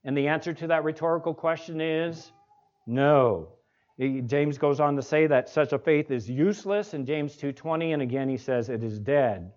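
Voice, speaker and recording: A male pastor preaching an expository sermon, asking the congregation rhetorical questions and slowing down to stress key words. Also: on the high side, darkish tone. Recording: dull lo-fi recording.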